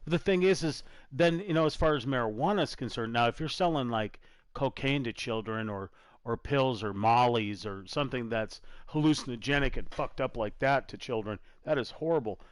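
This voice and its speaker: A man's voice: mid-range voice, moderate pace, no room sound. A man hosting a casual gaming talk show, rambling and trailing off as he talks. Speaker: podcast host. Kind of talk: casual chat while gaming.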